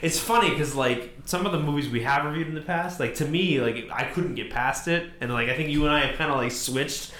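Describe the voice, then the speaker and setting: A man's voice: fairly high pitch, a little fast, few pauses, a bit bright, roomy sound. A man co-hosting a casual movie review podcast, easygoing and defending the film. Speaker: podcast co-host.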